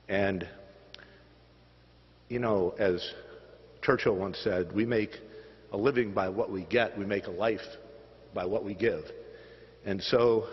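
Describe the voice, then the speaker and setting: A man making announcements at a press conference, speaking with many pauses and filler words. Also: on the low side, slightly rough. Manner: halting, filler-heavy delivery. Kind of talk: public announcement speech. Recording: dull news feed with hall reverb.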